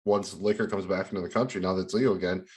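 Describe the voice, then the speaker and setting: Lower-voiced man explaining at length. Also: fairly even intonation, racing, a little mellow. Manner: explains in long run-on sentences with many fillers. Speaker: podcast co-host. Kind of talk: casual chat.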